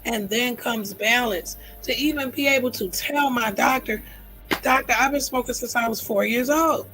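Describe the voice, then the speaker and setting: Soft music plays behind a middle-aged woman on her livestream, and the audio quality is low. Her voice is fairly high and bright at a moderate pace as she talks earnestly and emotionally, echoing phrases to stress them.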